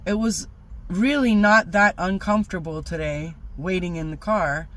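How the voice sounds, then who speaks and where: A middle-aged woman telling a rambling personal story in a casual vlog, animated and full of fillers. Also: lowish voice, normal speed. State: teary-eyed. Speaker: vlogger.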